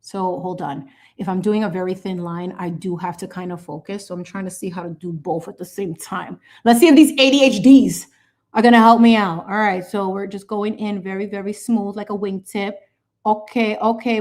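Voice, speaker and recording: A woman's voice: mid-range voice, moderate pace. A woman chatting sassily and playfully while she paints on a livestream, mixing in bits of Spanish. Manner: animated, sassy, playful with lots of asides. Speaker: channel host painting on a livestream.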